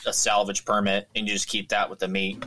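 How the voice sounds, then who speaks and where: A man's voice: on the low side, completely flat delivery, fairly quick, bright, forceful tone. A man from Washington state talking casually and easygoingly about hunting. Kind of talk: casual chat.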